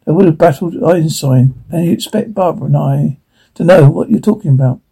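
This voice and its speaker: A man reading the part of a grown man companion with a dry, sarcastic manner and a husky voice. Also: on the high side, a little fast, mellow, rough recording.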